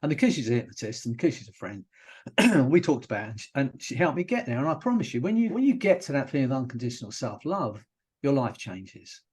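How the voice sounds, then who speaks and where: A man's voice: mid-range voice, sing-song, fast talker, a little mellow, breathy edge. British man, rambling hypnotherapist. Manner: rambling storyteller with restarts. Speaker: hypnotherapist guest. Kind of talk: casual interview chat.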